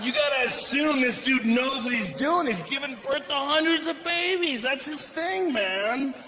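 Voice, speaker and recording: Middle-aged male stand-up, very high-pitched shouty delivery, echoey live room. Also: normal speed. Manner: loud, profane, frequently shouting. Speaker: stand-up comedian. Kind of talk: stand-up comedy routine. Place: large indoor comedy venue. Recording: echoey live venue with audience noise. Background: audience laughter.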